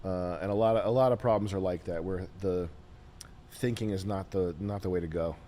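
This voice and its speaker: A man's voice: low voice, fairly even intonation, fairly quick, dark tone, a little hiss or hum. A man hosting a podcast in crude, blunt, rambling casual chat. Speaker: podcast host.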